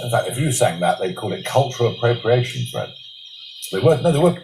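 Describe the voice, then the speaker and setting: A man's voice: medium pitch, sing-song, fairly quick, gravelly, a little mellow, slight background noise. A man in his fifties talking casually as a reality show contestant, stammering and hesitant, then emphatic. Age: 50s. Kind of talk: casual conversation.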